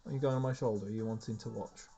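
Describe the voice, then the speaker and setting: A man's voice: lowish voice, steady tone, rapid-fire, gravelly, warm tone, lo-fi sound. A man casually commenting on a video game, chatty and rambling, chatting to his cats as he plays. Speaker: let's play host.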